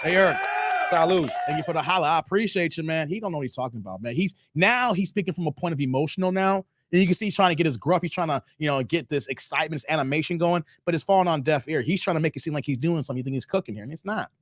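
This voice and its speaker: A man's voice: fairly high pitch, very fast, no echo, studio quality. A man hosting a live stream, casually reacting to a clip and reading out viewer donations with a playful, joking manner. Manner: playful, laughs often, talks to chat.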